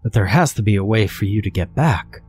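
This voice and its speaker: A man doing a hushed, frightened man. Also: lowish voice, expressive, a little fast, breathy edge, soft background music. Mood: hushed, bewildered. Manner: hushed, panicked, soft. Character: frightened adult man, bewildered and gentle. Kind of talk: scary story narration.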